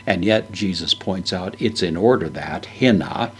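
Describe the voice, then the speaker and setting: Low-voiced man teaching Bible Greek. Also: measured pace, slight background noise. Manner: methodical, parses words with frequent "uh" fillers. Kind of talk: verse-by-verse Greek exegesis lecture.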